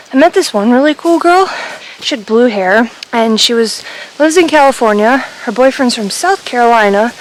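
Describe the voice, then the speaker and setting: A woman's voice: a little high, poor audio. Woman, chatty vlogger, joking and rambling, slightly breathless, outdoors in a forest, faint background noise. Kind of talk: casual chat while hiking.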